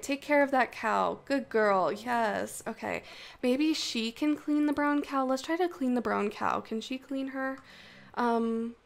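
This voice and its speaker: A young woman hosting casual gameplay commentary, gushing and excitable with frequent gasps. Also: fairly high pitch, gravelly. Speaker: gaming channel host.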